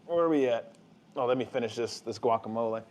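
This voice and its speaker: Chatty dad cooking at home. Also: male voice, medium pitch, fast, slight background noise, rough recording. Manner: relaxed, chatty, talks to viewers while cooking. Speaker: family vlogger cooking. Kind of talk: casual cooking vlog chat. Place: home kitchen.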